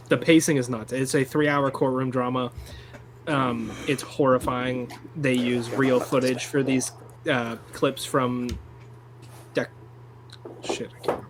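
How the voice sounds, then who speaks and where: A man's voice: medium pitch, fairly even intonation, unhurried, long pauses, slight background noise, low-quality recording. A young man co-hosting a podcast, chatting casually and enthusiastically about films, rambling and swearing freely. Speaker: podcast co-host. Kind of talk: casual film review chat.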